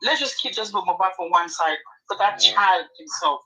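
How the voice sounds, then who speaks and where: A woman with a Nigerian accent making her points in a heated panel debate, getting louder when she is interrupted. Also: on the low side, animated, moderate pace, rough recording. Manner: argumentative, rising when interrupted.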